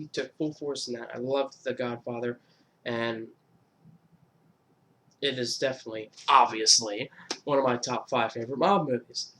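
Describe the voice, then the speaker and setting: Rambling, profane young YouTuber man. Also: mid-range voice. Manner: rambling, profane, fillers and restarts. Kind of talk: casual movie countdown.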